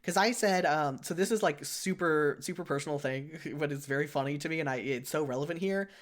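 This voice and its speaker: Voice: medium pitch, a little fast. Rambling, filler-heavy podcast co-host. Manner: rambling, filler-heavy, frequent "like" and self-corrections. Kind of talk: casual chat.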